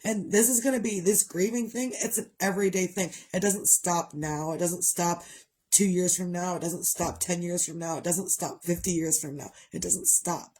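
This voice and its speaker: A woman's voice: fairly low pitch, steady tone, normal speed, darkish tone, breathy edge. A middle-aged woman chatting candidly to her viewers, rambling and open about her grief. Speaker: vlogger. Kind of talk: casual chat.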